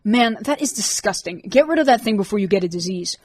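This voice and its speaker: A man's voice: high voice, animated, fast talker, no echo. A woman voicing Matt, a level-headed teenage boy who talks dryly and wearily. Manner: dry, sighing.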